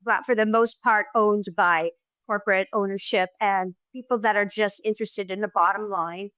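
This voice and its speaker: A woman's voice: medium pitch, moderate pace, smooth, no echo, poor audio. A middle-aged woman, a filmmaker guest in an interview, telling stories with lots of restarts and acted-out quotes. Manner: animated storyteller who acts out quotes, frequent restarts. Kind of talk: conversational interview.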